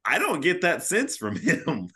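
A man's voice: on the high side, huge pitch swings, unhurried, bright, forceful tone. A man co-hosting a podcast, chatting casually and reacting to his co-hosts. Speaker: podcast co-host. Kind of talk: casual chat.

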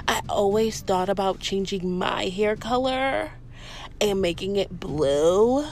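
A woman telling a story in a vlog, blunt and profane, animated in her delivery. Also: medium pitch, slow pace, gravelly, slight background noise. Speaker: vlogger.

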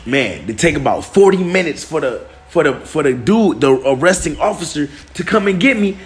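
A young man from Detroit telling a personal story on a podcast in a casual, animated way, acting out what others said and often calling listeners "bro". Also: on the high side, normal speed, few pauses. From Detroit, USA. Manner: animated, acts out other people's lines, peppered with "bro".

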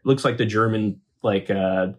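A man's voice: lowish voice, steady tone, unhurried. A man co-hosting a podcast, talking enthusiastically in a casual chat. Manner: enthusiastic, talkative. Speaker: podcast co-host.

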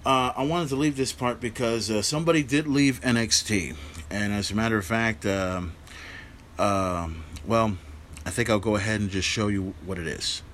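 A man's voice: on the low side, moderate pace, a bit bright, a little hiss or hum. A man hosting a podcast, recapping a wrestling show in a rambling, profane way, with many fillers. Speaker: podcast host.

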